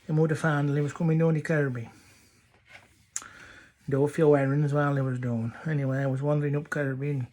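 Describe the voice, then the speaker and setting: A man's voice: fairly high pitch, darkish tone. A man with a North Yorkshire accent telling rambling dialect stories. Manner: rambling, chatty. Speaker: dialect storyteller.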